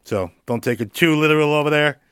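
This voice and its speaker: A man's voice: fairly high pitch, fast talker, a bit bright, smooth, dry recording. Laid-back joking man, dry close mic. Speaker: podcast host. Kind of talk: casual solo podcast chat.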